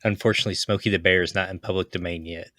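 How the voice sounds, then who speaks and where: Woman with a really deep low voice, deadpan jokes, dry sound. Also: racing, no room sound. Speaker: podcast co-host. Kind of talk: casual chat.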